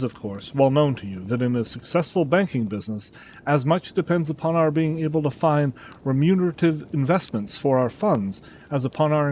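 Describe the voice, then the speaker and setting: Agitated formal banker, earnest, middle-aged, animated intonation, audiobook man voicing him. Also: a little high, a little hiss or hum, natural voice, poor audio. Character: distraught respectable middle-aged male banker. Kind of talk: audiobook character reading.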